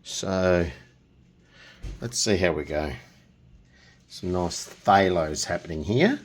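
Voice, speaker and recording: Chatty man, lively low voice. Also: slow, slight background noise. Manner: chatty, jokey, hums nonsense tunes while working. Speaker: painting tutorial host. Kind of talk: casual painting tutorial with running commentary.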